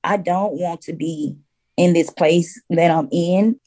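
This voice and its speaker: A woman, a grieving guest speaking slowly and heavily about losing a child. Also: fairly low pitch, steady tone. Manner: slow, heavy-hearted, quiet. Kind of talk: candid conversation about grief.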